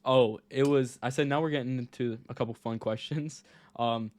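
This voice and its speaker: A man's voice: mid-range voice, fairly even intonation, normal speed, darkish tone, dry recording. Laid-back man hosting a call-in podcast. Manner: laid-back, asks short questions. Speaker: podcast host. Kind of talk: casual podcast interview.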